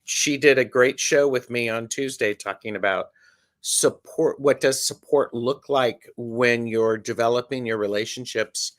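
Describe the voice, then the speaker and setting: A man's voice: mid-range voice, unhurried, no room sound. A man appearing as a guest tarot reader on a live stream, chatting casually and joking along.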